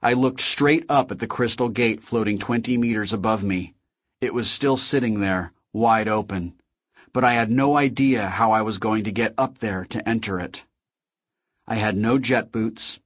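A man with a low, husky voice reads a first-person novel aloud. His reading is steady and measured. The recording is close and dry, with no room sound. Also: dry recording. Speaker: audiobook narrator.

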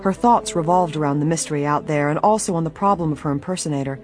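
An audiobook narrator reading a mystery novel at a steady, even pace. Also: mid-range voice, quick pace, few pauses, soft background music.

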